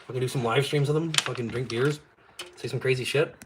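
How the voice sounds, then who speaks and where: A man hosting a live stream, talking bluntly and with heavy swearing, jumping from loud outbursts to low muttered asides. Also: steady tone, a little fast, noisy background. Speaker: YouTube channel host. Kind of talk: profane live-stream rant.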